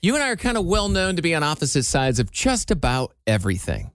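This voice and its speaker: A man's voice: on the high side, wildly swooping pitch, quick pace, a bit bright, clean tone, no room sound. Chatty male radio co-host, dry studio sound. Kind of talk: casual morning show chat.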